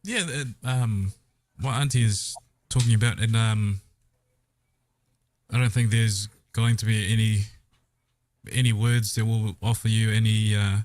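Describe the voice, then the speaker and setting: A man with a somewhat low voice speaks gently on a podcast panel. He hesitates often and fills his pauses with "uh" and "um" as he picks his words carefully. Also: steady tone. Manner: hesitant, gentle, many fillers. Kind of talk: podcast discussion.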